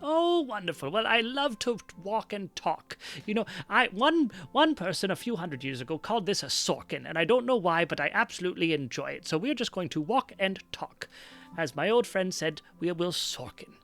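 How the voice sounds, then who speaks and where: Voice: medium pitch, sing-song, normal speed, a bit bright, faint music behind. A game master voicing a tiny, ancient female Kender librarian who rambles fondly and murmurs little "yes, yes" asides. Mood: chatty. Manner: fussy, rambling, doting.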